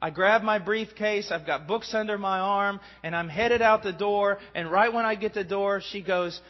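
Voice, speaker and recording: A middle-aged man preaching a sermon, earnest, swinging from hushed tones to shouting. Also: high-pitched, moderate pace. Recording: dull recording in a long-reverb hall.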